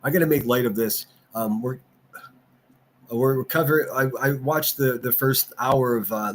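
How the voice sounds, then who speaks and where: Male livestream host, profane ranting commentator, mid-range voice, faint background noise. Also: medium pitch. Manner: reads and answers chat.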